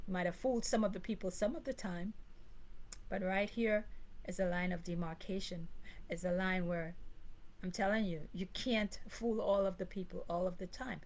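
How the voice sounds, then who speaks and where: A woman's voice: fairly low pitch, low-quality recording. A woman from Grenada, delivering an emphatic live monologue to her channel, often repeating herself and laughing briefly. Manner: emphatic, repetitive, with short laughs. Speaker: channel host.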